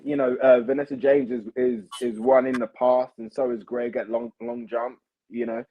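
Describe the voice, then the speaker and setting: A man's voice: medium pitch, moderate pace, vocal fry, highs cut off, slight background noise. A young man, chatting animatedly as a podcast guest and calling people mate and bro. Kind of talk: casual chat.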